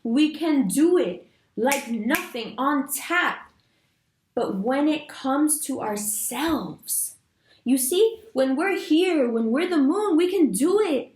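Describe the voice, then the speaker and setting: A woman reads the month's horoscope with a fairly high, lively voice. She talks directly and emphatically to her viewers and slips into casual slang. The room around her gives back a clear echo. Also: slow pace. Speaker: astrology reader. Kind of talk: monthly horoscope reading to camera.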